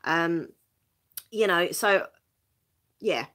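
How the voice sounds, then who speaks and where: This Essex live stream host from England speaks extremely slowly, her voice on the low side, a bit bright, with lively intonation. Chatting casually and reading viewer comments, she pokes fun at herself, laughs often, and repeats words at the start of sentences.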